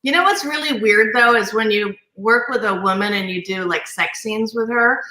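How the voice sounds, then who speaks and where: A woman guest on a video stream, chatty and quick to laugh. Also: a little high, sharp tone, echoey room, rough recording. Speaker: guest actor. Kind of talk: casual chat on a video stream.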